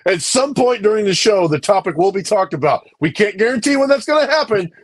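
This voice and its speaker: Male podcast co-host, playful teasing banter; high, husky voice. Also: expressive, fairly quick, no echo. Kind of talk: casual podcast chat.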